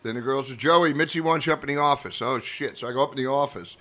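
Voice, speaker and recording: An older comedian tells a story in relaxed chat, his voice bright and forceful. He acts out the people in his tale as he goes, keeping the telling animated. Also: mid-range voice, quick pace. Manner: animated anecdote teller who acts out quoted voices. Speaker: comedian guest.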